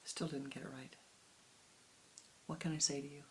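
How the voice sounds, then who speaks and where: A spiritual teacher giving a meditative sermon, speaking slowly and softly, often sinking into a whisper, with long pauses. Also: medium pitch, little pitch movement, slight background noise. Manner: slow, soft, often dropping into whispers; unhurried with long pauses, halting restarts.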